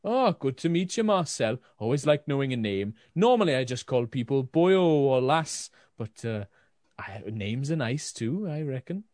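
A man voicing a friendly male furbolg brewer with a rough put-on Welsh accent, folksy and calling people boyo. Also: mid-range voice, very animated, moderate pace, darkish tone, no room sound, studio quality, close to an everyday voice. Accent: Welsh, badly done.

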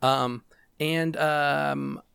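A man narrating as game master in a tabletop game, rambling and relaxed with many fillers. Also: on the high side, drawn-out words, vocal fry, clean tone, dry recording, clean studio sound.

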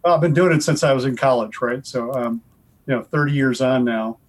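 A man's voice: medium pitch, brisk, rough recording. Guest author, man in his 40s, from Wisconsin, easygoing and chatty. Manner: relaxed, chatty storyteller. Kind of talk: casual interview.

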